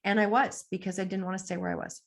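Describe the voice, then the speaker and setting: A woman's voice: mid-range voice, flat delivery, fast, gravelly. A woman guest on a podcast, talking in an earnest, reflective way with frequent "like" fillers. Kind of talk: casual interview talk.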